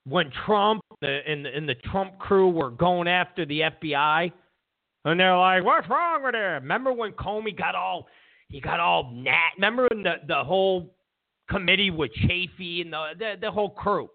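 A man's voice: high-pitched, normal speed, creaky. Sarcastic man ranting over a tinny line. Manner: sarcastic and mocking, stammers and restarts, mimics opponents in exaggerated voices. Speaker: political commentary show host. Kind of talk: casual ranting political commentary. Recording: tinny phone-like lo-fi sound.

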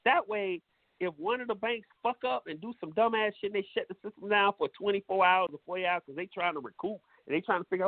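Blunt cussing talk show guy lecturing folks, kinda high voice, sounds like it's coming through a phone. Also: quick pace, dry recording, phone-quality sound. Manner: blunt, profane, preachy. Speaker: radio show host. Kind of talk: casual advice monologue.

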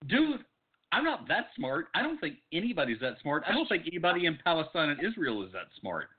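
A man's voice: a little high, huge pitch swings, a little fast, husky. Brief: male co-host, blunt and dismissive, swears freely, swoopy delivery, phone-line sound. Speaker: podcast co-host. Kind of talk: casual profane chat.

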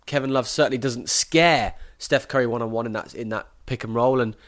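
A man hosting a sports podcast, giving brisk, opinionated analysis and then interviewing a guest. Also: medium pitch, fairly even intonation. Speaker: podcast host.

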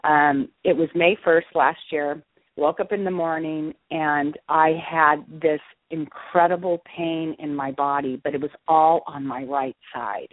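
Lively woman on a tinny phone line. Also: sits low, a little slow, dry recording. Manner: lively, acts out her own reactions. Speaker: author and interview guest. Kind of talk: casual storytelling in an interview.

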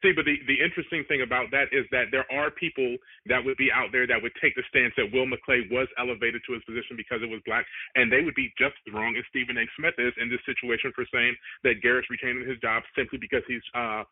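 Husky radio co-host guy, thin phone sound, careful and a bit halting. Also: medium pitch, lively intonation, phone-quality sound. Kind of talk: sports talk radio.

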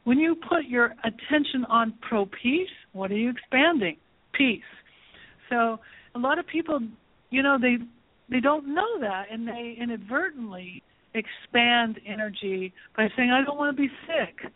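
A woman's voice: fairly high pitch, a little slow, no room sound. Woman talk host, preachy emphatic delivery, sounds like a phone call. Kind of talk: spiritual talk show hosting. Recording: tinny phone line, dry.

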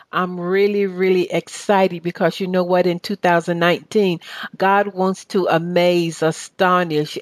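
A woman's voice: mid-range voice, dry recording. A woman with a Southern US accent hosting a radio talk show, chatting and telling a heartfelt personal story. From Atlanta area, US.

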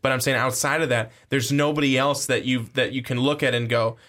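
Rambling young man, middle-pitched voice. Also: steady tone, fairly quick, fairly bright tone. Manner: rambling, restarts sentences, acts out quotes. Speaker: podcast co-host. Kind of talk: casual sports podcast chat.

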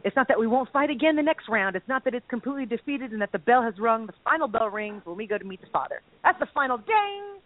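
A woman co-hosting a faith chat, bubbly and quick to burst into laughter as she acts out lines. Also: a little high. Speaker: podcast co-host. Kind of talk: casual chat about faith. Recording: tinny phone-like line.

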